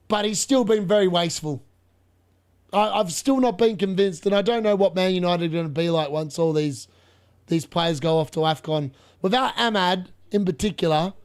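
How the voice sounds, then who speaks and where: His high-pitched voice has a clean tone. The young man excitably calls a live football match for his fantasy football stream, laughing a lot and talking to his chat.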